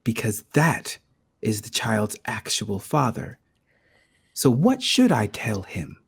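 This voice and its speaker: A man's voice: fairly low pitch, wildly swooping pitch, slow, creaky, breathy edge. A man playing his character in a tabletop game, speaking earnestly and urgently. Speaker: player. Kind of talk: tabletop role-play.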